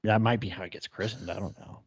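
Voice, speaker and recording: A man in his thirties co-hosting a podcast, chatting casually, blunt and quick to swear. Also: on the low side, fairly even intonation, breathy edge, no echo, lo-fi sound. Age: 30s. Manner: blunt, profane, swears freely. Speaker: podcast co-host. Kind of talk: casual chat.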